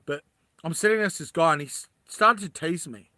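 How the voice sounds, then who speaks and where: A man's voice: a little high, a little fast, bright, forceful tone, dry recording. Rambling man chatting to his viewers. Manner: rambling, laughs often, talks to viewers as guys. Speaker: livestreamer. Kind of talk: casual livestream chat.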